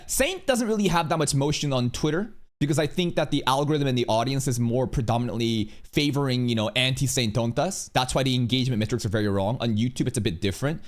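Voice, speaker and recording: A man casually commenting on a live stream, blunt and sarcastic as he reacts to a video. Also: medium pitch.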